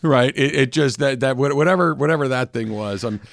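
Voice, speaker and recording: A man's voice: medium pitch, brisk, vocal fry, no echo, studio quality. A man hosting a radio show, chatting casually and telling stories with frequent laughter. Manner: laughs often, animated storytelling.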